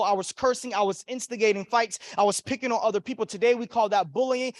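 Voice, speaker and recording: High-voiced man giving a rousing speech. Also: dry recording. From Florida. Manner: preacher-like call and response, emphatic repetition. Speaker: motivational speaker. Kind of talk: keynote speech to a conference audience. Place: hotel ballroom.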